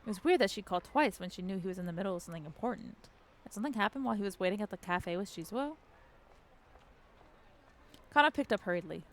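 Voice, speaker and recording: A woman's voice: mid-range voice, animated, quick pace, pauses often. A woman streamer reading a story game aloud live, cracking jokes and swearing between lines of narration.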